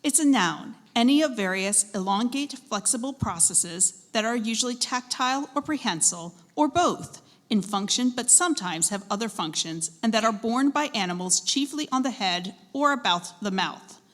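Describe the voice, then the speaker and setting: A woman serving as a spelling bee pronouncer, reading words and definitions clearly and encouraging the contestants. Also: fairly high pitch, expressive, normal speed, few pauses, fairly bright tone. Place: school event hall. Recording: echoey hall with long reverb.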